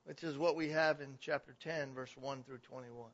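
A man preaching a sermon, building from steady explanation to loud, emphatic declarations. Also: medium pitch, normal speed, few pauses. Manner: swells to emphatic, raised declarations. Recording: dull, lo-fi recording.

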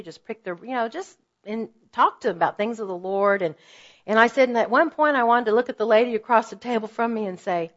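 A woman in her fifties gives an earnest teaching talk to a room of women. She tells stories with lively asides and often pushes her voice up for emphasis. The audio is slightly dull and muffled. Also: mid-range voice. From Oklahoma. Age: 50s. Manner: earnest, animated storytelling with asides. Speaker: women's ministry speaker.

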